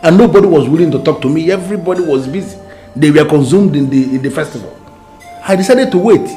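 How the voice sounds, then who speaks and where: An actor with a Nigerian accent playing a younger brother who speaks in an insistent, pleading way, with music under the film soundtrack. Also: male voice, mid-range voice, lightly acted.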